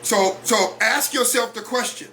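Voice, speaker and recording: Male host, high bright voice, blunt motivational monologue that keeps pressing the same questions. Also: a little slow, a little hiss or hum. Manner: blunt, preachy, repeats rhetorical questions. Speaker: host of a weekly talk broadcast.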